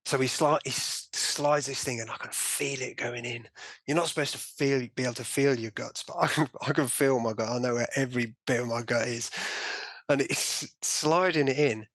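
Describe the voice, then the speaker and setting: Guest voice: man, lively storyteller who acts out the remarks, dry close sound. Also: medium pitch, normal speed, dry recording. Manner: animated storytelling, acting out his own and doctors' remarks, many "you know" fillers. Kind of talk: personal story in a conversational interview.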